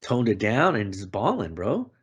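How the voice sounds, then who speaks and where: A man with a low, husky voice chatting about football on a podcast. He talks loose and slangy, says "that fool" and "hella", and backs up his co-host with steady murmurs of agreement. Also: normal speed. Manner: relaxed, slangy, frequent "mm-hmm" agreement. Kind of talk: casual sports chat.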